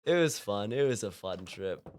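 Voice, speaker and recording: While streaming a game, a young man from California chats in a fairly low, animated voice at normal speed. He rambles casually, with plenty of fillers and frequent laughter.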